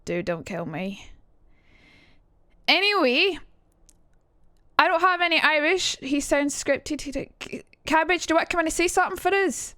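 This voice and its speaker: A woman's voice: high voice, animated, moderate pace, pauses often, bright, forceful tone, no echo, clean studio sound. A woman streamer chatting casually and rambling as she reacts to her chat during a live stream, speaking into a streaming mic.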